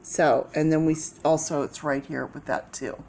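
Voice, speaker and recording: A woman's voice: sits low, fairly even intonation, normal speed, background noise. A woman doing a casual tarot reading to camera, thinking aloud and repeating key words as she explains the cards. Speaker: tarot reader.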